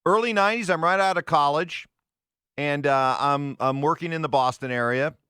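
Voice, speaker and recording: A man's voice: a little high, normal speed, pushed and bright, clear, resonant tone, dry recording. A man in his fifties hosting sports radio in a studio, reading listener texts in a teasing, amused way. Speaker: radio host.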